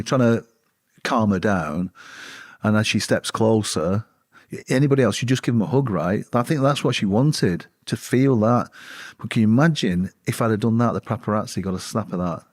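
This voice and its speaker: Low-voiced man telling stories in an interview. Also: dry recording, studio quality. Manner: halting, many restarts and fillers. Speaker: former royal bodyguard and author. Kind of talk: casual interview storytelling.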